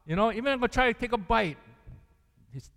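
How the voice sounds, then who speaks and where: A man's voice: extremely high pitch, animated, brisk, gravelly, a bit bright. A man preaching a sermon as pastor, earnest, often laughing and putting questions to the congregation. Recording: long reverb of a large hall.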